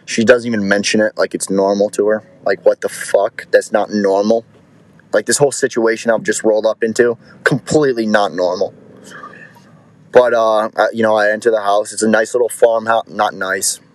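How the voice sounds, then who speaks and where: A man's voice: on the low side, fairly even intonation, moderate pace, no room sound, rough recording. A young man telling a personal story in a crude, rambling way, swearing often and restarting his sentences. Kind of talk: casual storytelling.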